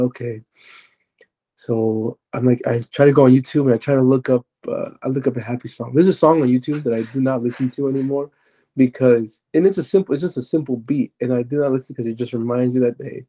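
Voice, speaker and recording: A man with a very dark, mellow voice and a husky edge speaks as a podcast guest. He retells his personal testimony in an earnest, confessional way, circling back and restarting his sentences as he goes. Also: medium pitch.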